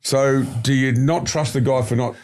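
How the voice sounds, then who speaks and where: Australian podcast guest, middle-aged man, digressive and emphatic storyteller, mid-pitched voice. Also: fairly even intonation, normal speed, darkish tone. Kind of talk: storytelling interview talk.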